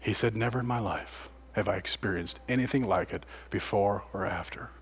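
A man preaching a sermon, retelling another man's story in his words, swinging between loud passages and near-whispers. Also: fairly low pitch, moderate pace, breathy edge. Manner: dramatic, swings from loud to hushed.

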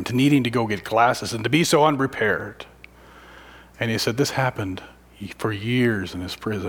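Male preacher, low husky voice, sermon delivery that drops to whispers for effect. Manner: swings from loud emphatic lines to hushed whispers.

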